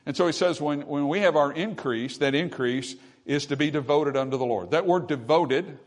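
A man's voice: fairly high pitch, moderate pace. A man preaching a sermon, teaching with rhetorical questions and repeating key phrases for emphasis. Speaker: pastor.

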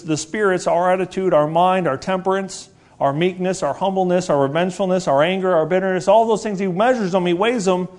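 A man in his forties preaching a sermon, earnest and repetitive, asking rhetorical questions and slowing down to stress key words. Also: sits high.

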